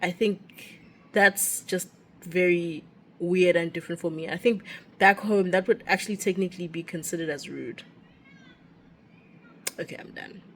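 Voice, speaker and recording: A woman's voice: on the low side, normal speed, slight background noise. A young woman with a South African accent, a teacher abroad, chatting and ranting casually while walking outdoors with a phone. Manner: chatty ranting, animated and expressive. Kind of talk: casual walking vlog chat.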